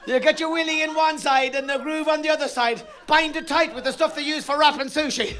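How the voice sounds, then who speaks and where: Irish guy doing stand-up, very high voice, loud rowdy bawdy storytelling, yells the punchlines. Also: fairly even intonation, a little fast, a little hiss or hum. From Ireland. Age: middle-aged. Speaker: stand-up comedian. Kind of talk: stand-up comedy routine. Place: theatre stage.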